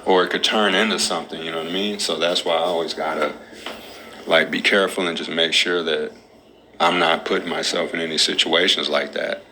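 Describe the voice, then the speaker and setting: A man's voice: sits low, fairly even intonation, brisk, sharp tone, a little hiss or hum. A man co-hosting a podcast, telling stories in loose casual talk full of slang and profanity. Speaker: podcast co-host.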